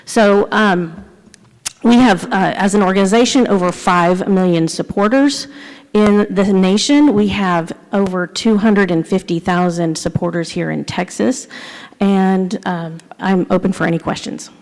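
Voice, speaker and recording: A woman delegate testifies before a committee. Her voice sits at an ordinary pitch and she lays out each point step by step. The sound comes from a big convention hall with a long, echoey reverb. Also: measured pace. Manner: steady, explanatory, like a civics lesson. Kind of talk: public testimony at a committee hearing.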